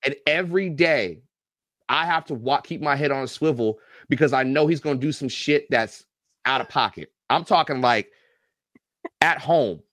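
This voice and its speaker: A man in his thirties or forties, a football coach and YouTube reactor, telling animated, profane, joking stories as a guest on a podcast interview. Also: medium pitch, moderate pace, no echo, clean studio sound. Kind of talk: casual podcast interview storytelling.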